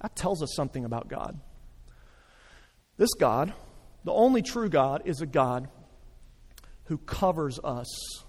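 A pastor preaching a sermon, animated and acting out the voices he quotes. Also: a little high, measured pace, pauses often, breathy edge. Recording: reverberant hall.

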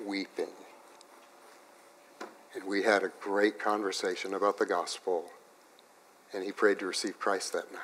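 A man preaching a sermon, telling a personal story in an animated way that swings from loud to hushed, in a church. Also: lowish voice, slight background noise. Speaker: pastor.

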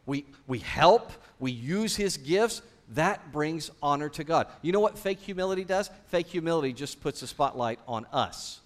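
A man's voice: a little high, lively intonation, normal speed, hardly any pauses. A man preaching a sermon in a church, asking his congregation one question after another. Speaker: pastor.

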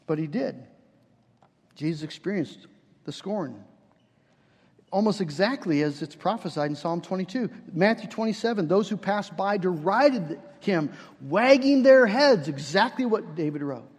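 High-voiced preacher in an echoing hall. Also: male voice, lively intonation, moderate pace, darkish tone, slightly rough. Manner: earnest, rising to fervent emphasis with repeated restarts. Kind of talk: sermon.

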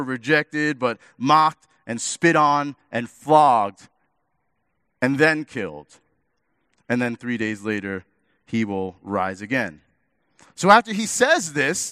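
A man preaching a sermon in an animated way, acting out little dialogues with big swings in pitch and loudness. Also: dry recording, clean studio sound. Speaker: pastor.

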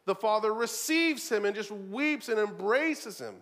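A preacher man with a fairly high voice that leaps up and down. He delivers his sermon with animation, punching key words loudly and then dropping low for asides. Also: measured pace. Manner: animated, shifts from loud emphasis to low asides, repeats words.

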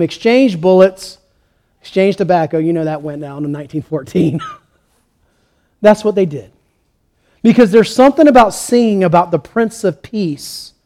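Male pastor, higher voice, sermon delivery with lively storytelling. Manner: storytelling preacher, rising to animated peaks.

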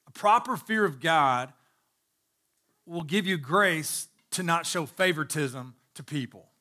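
A male pastor delivering a sermon in a high, bright voice. He stresses his points by repeating phrases and turns to speak straight to the people in the pews. His delivery is emphatic and earnest. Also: lively intonation, a little slow. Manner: addresses the congregation directly.

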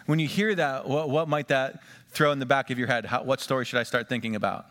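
A man preaching a sermon, swinging between emphatic rises and quiet drops, and drawing the congregation into questions and call-and-response. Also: medium pitch, fairly even intonation, fairly quick. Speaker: pastor. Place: church sanctuary. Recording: long church reverb.

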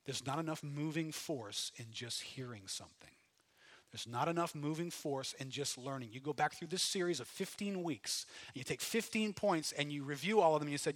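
Animated bright-voiced male preacher. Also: on the high side, moderate pace. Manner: animated, swings from quiet to shouting, acts out inner voices. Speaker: pastor. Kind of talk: sermon.

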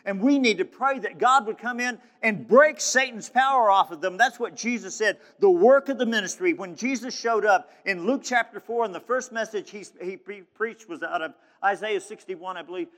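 A man's voice: high-pitched, normal speed, few pauses, fairly bright tone. A man preaching a sermon in a fervent, emphatic way, often restarting his phrases. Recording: long hall reverb.

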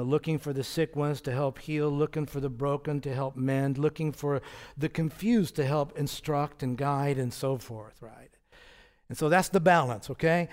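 Guy preaching, kinda high voice, gets loud and punchy on the big points, chuckles here and there. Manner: emphatic, rises in pitch and volume for stressed contrasts; chuckles lightly, conversational asides. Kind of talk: sermon.

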